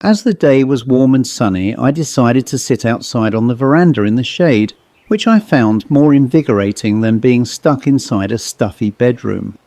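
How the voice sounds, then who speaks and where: A man from England reading his own ghost story in a measured, reflective audiobook narration. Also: mid-range voice, animated, mellow, dry recording. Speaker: author and narrator.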